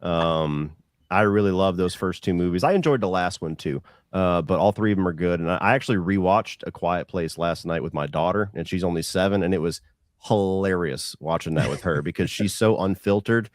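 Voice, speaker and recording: A man in his thirties chatting casually as a podcast guest, relaxed and wry as he tells stories. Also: low-pitched, brisk, no echo, clean studio sound.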